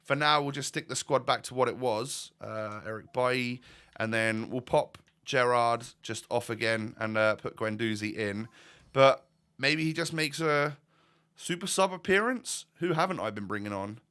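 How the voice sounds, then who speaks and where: A man's voice: mid-range voice, normal speed, fairly bright tone, clear, resonant tone. A man giving casual commentary over gameplay as a YouTuber, chatty and thinking aloud while asking viewers questions. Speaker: gaming YouTuber.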